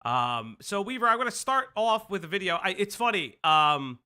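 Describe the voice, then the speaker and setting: An American man hosting a casual livestream commentary, rambling and excitable with lots of stammered restarts. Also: high-pitched, moderate pace, clean tone. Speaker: streamer host.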